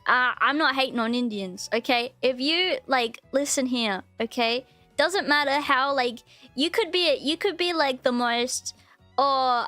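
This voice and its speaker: A woman's voice: sits high, sharp tone, dry recording. A woman VTuber streaming, chatting casually, rambling and reacting to her chat with frequent giggles.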